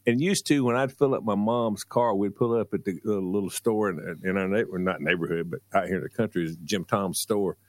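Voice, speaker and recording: A man telling a childhood story on a radio show, drawing out words and doing high voices for the people he quotes. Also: a little fast, hardly any pauses, no echo. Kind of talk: casual storytelling.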